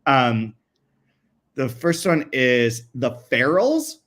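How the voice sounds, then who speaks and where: A man's voice: medium pitch, sing-song, very slow, fairly bright tone. A man co-hosting a podcast in casual chat, reading quotes aloud and often laughing mid-sentence. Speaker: podcast co-host.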